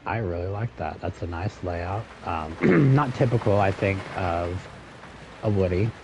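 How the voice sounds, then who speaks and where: A man co-hosting a casual live stream, speaking in a relaxed, hesitant way with plenty of fillers. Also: low-pitched, a little slow, background noise. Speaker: co-host.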